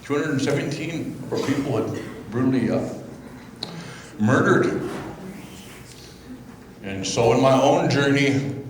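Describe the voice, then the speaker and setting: A man giving an informal welcome speech as a tribal chairman. He speaks off the mic, in a halting and reflective way with many fillers. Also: mid-range voice. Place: indoor event hall. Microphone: speaking without the mic. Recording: very echoey hall, faint background hum.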